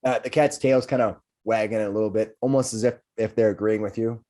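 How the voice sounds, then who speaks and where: A man's voice: lowish voice, fairly even intonation, fairly quick, mellow. A man narrating a tabletop game as game master, rambling with frequent restarts. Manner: rambling, restarts, laughs often.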